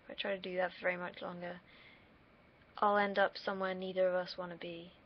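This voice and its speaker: A woman's voice: on the low side, flat delivery, fairly quick, lo-fi sound. A young woman from the UK, vlogging in a casual, rambling monologue that wanders off on tangents, with the odd swear word. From United Kingdom.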